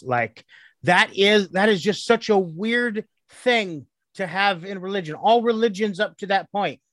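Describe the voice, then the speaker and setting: A man with a somewhat high voice talks bluntly, giving strong opinions and swearing freely as a podcast co-host. The recording is close and dry. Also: a bit bright, no echo. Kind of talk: crude comedic chat.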